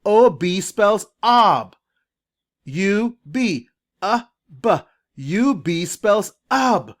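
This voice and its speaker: A reading coach giving a screen-share phonics lesson to parents, enthusiastic and emphatic, drawing syllables out slowly and coaxing listeners with direct questions. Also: medium pitch.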